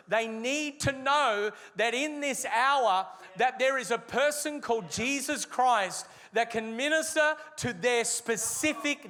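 A pastor in full sermon mode addresses his congregation in a high voice with a bright edge. He leans hard on key words and slows phrases down for weight, and the sound has a big-room quality.

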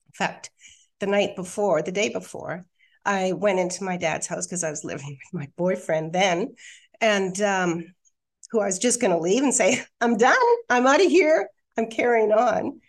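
A middle-aged woman, a podcast guest, telling a painful personal story with halting restarts, then reading her own poem. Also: lowish voice. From Australia. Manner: candid, emotional, halting with restarts. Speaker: guest, hypnotherapist and coach.

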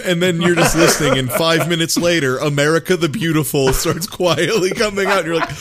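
A man's voice: a little high, fairly quick, few pauses, background noise. A man co-hosting a podcast in casual chat, laughing often and swearing for emphasis. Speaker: podcast co-host.

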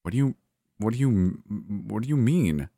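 Man doing a scared stammering guy, halting, pitch jumping, dry close recording. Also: sing-song, dry recording. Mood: panicky. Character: terrified, confused adult man, stammering.

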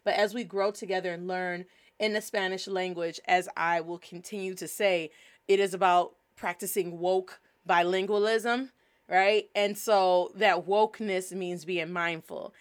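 A woman's voice: fairly low pitch, steady tone, unhurried, clean tone. Upbeat woman hosting a language show. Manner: upbeat, switches between English and Spanish. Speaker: host. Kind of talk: casual teaching talk.

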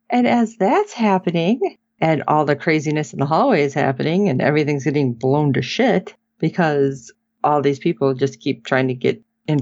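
A woman's low-pitched voice carries an animated recap of a TV episode on the casual podcast she co-hosts. She laughs frequently and plays out the quotes. The audio is dull and lo-fi with no room sound.

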